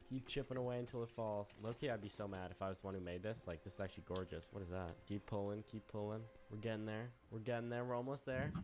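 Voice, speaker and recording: A young man streaming a game, commenting in a playful, teasing, mischievous way as he plays. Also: fairly low pitch. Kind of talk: casual gameplay commentary.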